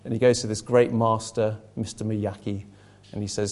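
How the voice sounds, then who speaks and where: A man's voice: lowish voice, little pitch movement, a little fast, a little mellow. A man preaching a conversational sermon to a small group, earnest, repeating words as he restarts his sentences.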